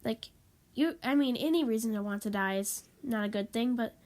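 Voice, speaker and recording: Stuffy sniffly woman kinda high voice, rambling vlog into her tablet, keeps saying sorry. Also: moderate pace, a little mellow. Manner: rambling, apologetic, keeps repeating herself. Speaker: vlogger. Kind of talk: casual rambling monologue. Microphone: tablet microphone.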